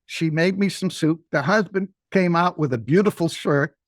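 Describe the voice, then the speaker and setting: A man's voice: a little high, normal speed, no echo, clean studio sound. An older man telling a personal story in a rambling, folksy way as a podcast guest.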